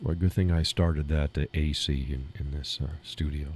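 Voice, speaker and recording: A man's voice: a bass voice, fairly even intonation, moderate pace, slight background noise. A man hosting a live show from his small home studio, chatting in a rambling way and chuckling often. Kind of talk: casual live-stream chat.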